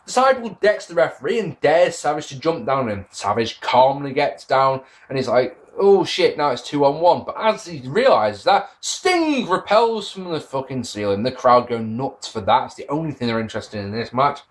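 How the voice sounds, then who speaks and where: A man talks through a review in a loose, chatty way. He sounds sarcastic and exasperated and swears freely. His pitch moves a lot, rising high when he is annoyed. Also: very animated, normal speed, few pauses. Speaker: wrestling reviewer. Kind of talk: casual spoken review.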